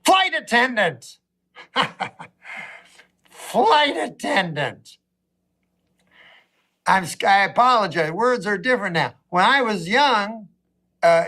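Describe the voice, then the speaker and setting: A middle-aged male comedian works through a long, rambling stand-up story in a flat, deadpan delivery. His voice sits high for a man, and his asides come out in mock outrage.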